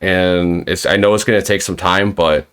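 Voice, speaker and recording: A man's voice: deep voice, fairly even intonation, moderate pace, a bit bright, clear, resonant tone. A man hosting a casual live-streamed interview, rambling and swearing freely as he retells stories. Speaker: podcast host.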